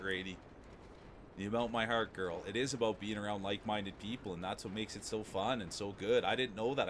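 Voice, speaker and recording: A man's voice: mid-range voice, a bit bright, a little hiss or hum. A man from Canada with a prairie accent, chatting casually and rambling to his stream chat. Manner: rambling, laid-back, repeats himself.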